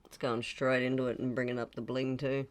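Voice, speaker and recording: A woman's voice: very deep voice, level tone, fairly quick. A woman co-hosting a casual fluid art video, upbeat and enthusiastic, sounding tired. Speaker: co-host of a fluid art channel. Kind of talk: casual chat while demonstrating.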